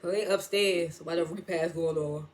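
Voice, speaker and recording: A woman's voice: fairly low pitch, fairly even intonation, normal speed. Casual woman recapping a TV episode. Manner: chatty, recounts scenes in quoted snippets, frank and profane. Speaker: TV episode reviewer.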